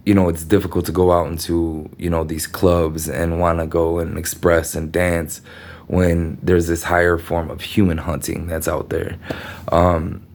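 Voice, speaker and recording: Low-voiced man rambling through a monologue. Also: a little mellow. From United States. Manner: meandering, profane, many fillers.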